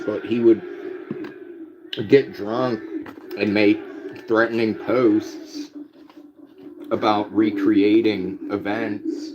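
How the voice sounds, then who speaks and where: Late at night in a room at home, a man with a medium-pitched voice hosts a livestream, rambling and swearing heavily as he tells stories in casual chat with his live audience. The audio is dull, with background noise audible.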